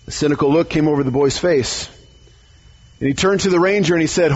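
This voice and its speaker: A man's voice: fairly high pitch, a little fast, breathy edge, dull audio. A man, a pastor, giving a conversational sermon in church, often stumbling over words and asking "right?".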